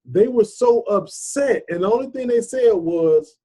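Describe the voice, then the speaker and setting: A man's voice: high-pitched, animated, measured pace, few pauses, warm tone. A man giving a casual motivational talk, telling a rambling story in an earnest, preachy way with lots of "you know.". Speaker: motivational vlogger.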